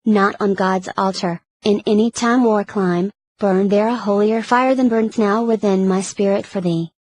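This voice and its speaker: A woman voicing a lovesick, brooding young nobleman in an audiobook reading of a verse play, measured and reading stage punctuation aloud. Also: medium pitch, steady tone, a little mellow, close to an everyday voice, low-quality recording. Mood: pleading.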